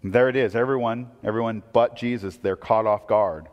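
A man's voice: fairly low pitch, steady tone, moderate pace, big-room sound, lo-fi sound. A man preaching a conversational sermon, asking rhetorical questions and quoting scripture. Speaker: pastor.

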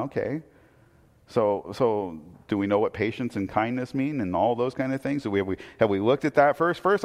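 With a mid-range, somewhat mellow voice and a long reverb tail, a pastor delivers an earnest sermon. Starting a new thought, he'll often repeat a word.

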